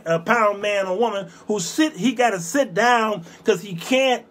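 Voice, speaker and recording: A man in his fifties hosts his own show with a strikingly high voice, lecturing his listeners in a fierce, preachy rant. He hammers the same short phrases again and again and breaks into shouts without warning. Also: normal speed, few pauses, heavy background noise. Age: 50s. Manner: fiery, scolding, preachy, bursts of shouting. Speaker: show host. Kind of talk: ranting monologue.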